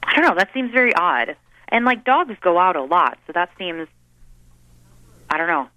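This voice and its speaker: A woman meteorologist giving a weather forecast and chatting casually, with quick talk and lots of fillers. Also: fairly low pitch, big pitch swings, bright, forceful tone, no echo, low-quality recording.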